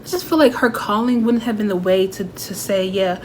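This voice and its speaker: A woman's voice: mid-range voice, moderate pace, darkish tone, slight background noise. A young woman chatting casually as she reviews a favorite movie, talking animatedly and acting out bits of dialogue.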